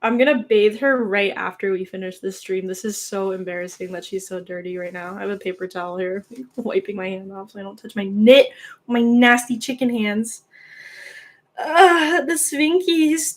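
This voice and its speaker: A woman's voice: medium pitch, fairly even intonation, a little fast. A young woman hosting a knitting livestream, chatting casually and giggling, cooing baby talk at her cat.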